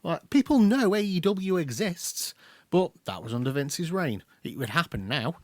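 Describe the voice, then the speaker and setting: A man with an English accent co-hosting a podcast, chatting casually and acting out quotes in quick bursts. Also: on the high side, animated, dry recording, clean studio sound. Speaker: podcast co-host. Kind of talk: casual chat.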